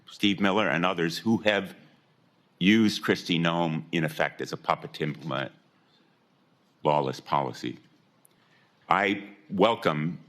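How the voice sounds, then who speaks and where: An older man, a senator, questioning a nominee at a formal hearing in a measured, pointed way. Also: rumbling low, fairly bright tone. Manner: measured, pointed, deliberate phrasing.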